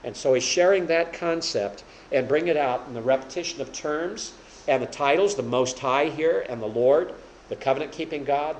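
A man teaching a Bible lesson to a small group, his voice at an ordinary middle pitch. He explains patiently and grows emphatic and louder when he quotes verses. A faint room hum sits behind him. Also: echoey room, low-quality recording. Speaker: preacher teaching a Bible study.

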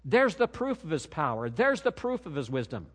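A man preaches in a fairly high, very lively voice that swings up and down as he drives his points home. His words ring out with a long reverb through a church sanctuary. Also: normal speed, slightly rough. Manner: emphatic, rising and falling preaching cadence. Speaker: pastor. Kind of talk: sermon.

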